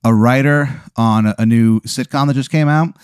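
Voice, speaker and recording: A man spinning an improvised comic scenario in second person, rambling with many fillers in a deadpan way. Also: mid-range voice, normal speed, clean tone, dry recording, studio quality. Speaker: host running an improvised scenario. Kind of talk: casual comedic storytelling.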